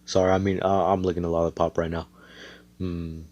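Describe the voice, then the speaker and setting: A man's voice: low-pitched, flat delivery, a little fast, darkish tone, dull audio. A man casually retelling an imagined anime storyline, rambling with slang and lots of swearing. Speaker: fan storyteller.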